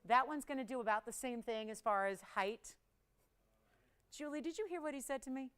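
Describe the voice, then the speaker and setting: A woman's voice: high-pitched, brisk, fairly bright tone, clean tone. Chatty woman hosting live jewelry sales. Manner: chatty and playful, laughs often, teases crew. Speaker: shopping channel host. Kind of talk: live on-air jewelry selling.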